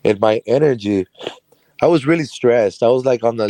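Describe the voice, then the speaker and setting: A man's voice: medium pitch, fairly quick, mellow, dry recording. A man who runs a carpentry business, telling a personal story as an interview guest in a chatty, rambling way with frequent laughs.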